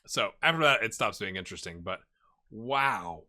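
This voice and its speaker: A man narrating a game on his channel in a casual, chatty way, puzzling over results out loud. His voice is bright and forward. His pitch bounces around a lot as he reacts. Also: animated, moderate pace. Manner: chatty, thinks aloud, reacts with surprise. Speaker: gaming YouTuber. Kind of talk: casual video game commentary.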